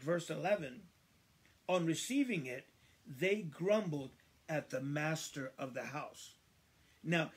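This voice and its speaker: A man leading a livestreamed Bible study, reading verses slowly and emphatically, repeating phrases and chatting to viewers. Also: fairly high pitch. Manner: addresses viewers by name, conversational asides.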